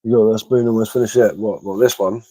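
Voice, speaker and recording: A man, a little hoarse from being ill, chatting casually on a livestream and answering comments with lots of hesitant fillers and repeated words. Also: on the low side, steady tone, fast talker, mellow, dry recording, poor audio. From England. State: slightly hoarse from illness. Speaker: bushcraft livestreamer.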